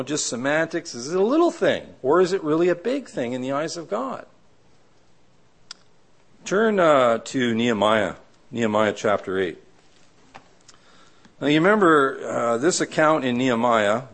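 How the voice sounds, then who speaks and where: Middle-aged guy preaching, bouncy up and down voice, keeps saying right? and does little voices. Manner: conversational, asks the audience "right?" often; acts out quoted people with sudden high voices. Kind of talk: sermon. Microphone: live audio of a church talk.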